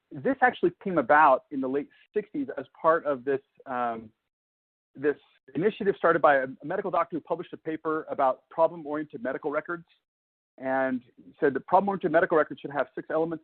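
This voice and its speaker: A man's voice: fairly high pitch, fairly quick. Man lecturing over tinny phone-like audio. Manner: conversational, explains step by step with fillers. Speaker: presenter. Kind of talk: webinar lecture.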